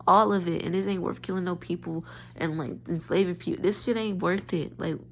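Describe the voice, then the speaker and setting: A woman's voice: fairly low pitch, fairly even intonation, a little fast. A tired woman rambling in a frustrated, stream-of-consciousness rant into her phone, often restarting her thoughts. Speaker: spiritual vlogger.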